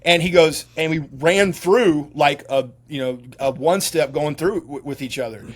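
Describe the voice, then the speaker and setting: This man's voice is fairly high-pitched and runs at a normal speed. A middle-aged ex-soldier, he's a podcast guest who tells long, winding stories casually, with many restarts and filler words.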